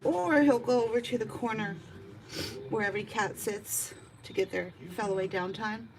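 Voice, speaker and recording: A woman's voice: medium pitch, moderate pace. A woman cat groomer chatting casually and talking to the cat as she works in a grooming salon. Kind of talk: casual chat while grooming. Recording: distant mic with steady background noise.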